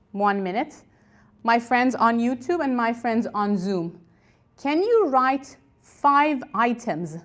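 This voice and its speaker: A woman teaching an online English conversation class, encouraging and repeating words slowly for learners over a video call. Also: fairly high pitch.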